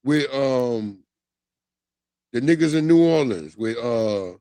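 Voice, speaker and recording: A man's voice: medium pitch, expressive, takes it slowly, dark tone, no echo. A man on a casual podcast panel who rambles, swears, and stops often to search for names. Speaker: panel co-host.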